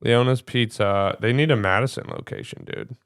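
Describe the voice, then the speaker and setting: Midwestern male co-host, clear resonant voice, playful banter. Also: mid-range voice, fairly bright tone. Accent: Midwestern American. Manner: playful, joking, quick to laugh. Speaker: podcast co-host. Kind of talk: casual chat.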